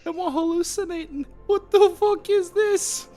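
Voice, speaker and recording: A man's voice: extremely high pitch, moderate pace, dark tone, faint music behind, pitched above the performer's own voice. A man voicing a startled, foul-mouthed drunk patron in a fantasy tavern. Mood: shocked. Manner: shrieking, baffled.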